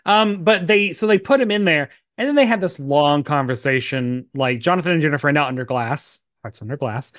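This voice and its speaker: A man's voice: fairly high pitch, animated, a little fast, hardly any pauses, a bit bright, dry recording, studio quality. A man co-hosting a podcast, chatting casually as he recaps a TV episode, full of "like" fillers and acted-out snippets of dialogue. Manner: chatty, many "like" fillers, acts out bits of dialogue. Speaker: podcast co-host.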